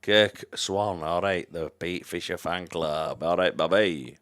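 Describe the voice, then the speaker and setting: A man's voice: sits low, slow pace, fairly bright tone. A man giving chatty live-stream commentary on a pool match, greeting viewers by name and trailing off into mumbled asides.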